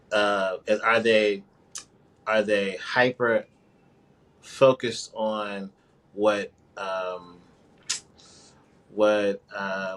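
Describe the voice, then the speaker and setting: A man from New York talking in a casual, rambling conversation, with halting restarts and quick laughs. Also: lowish voice, a bit bright. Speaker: guest.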